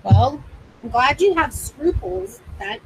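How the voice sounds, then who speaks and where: A woman hosting a live paranormal session who talks excitedly, laughs often and repeats herself. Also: sits high, takes it slowly, a little hiss or hum, low-quality recording. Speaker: paranormal livestream host.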